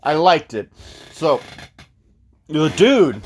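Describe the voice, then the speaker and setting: Man recapping a movie for laughs, rambling, swears casually, lively pitch. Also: extremely slow, breathy edge. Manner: rambling, animated storytelling with profanity. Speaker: movie reviewer.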